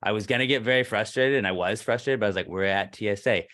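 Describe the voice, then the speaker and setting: A man's voice: on the low side, quick pace, a bit bright. A man co-hosting a podcast, telling a story in casual chat, acting out the other people's lines and swearing freely. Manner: ranting, acts out quoted dialogue, swears freely. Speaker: podcast co-host.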